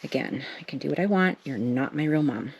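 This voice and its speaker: A woman's voice: low-pitched, expressive, brisk, vocal fry, darkish tone, breathy edge, dull audio. A middle-aged woman, chatting casually and joking at her own expense as she makes art. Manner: chatty, self-deprecating, talks to herself while working. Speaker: craft vlogger. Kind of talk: casual chat while making art.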